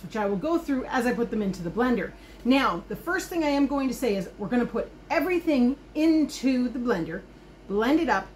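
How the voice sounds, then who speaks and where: Pitched on the high side with a little background noise, a homesteading vlogger gives an enthusiastic tour of her garden outside. Later, in the kitchen, she explains a recipe while working, keeping the vlog casual.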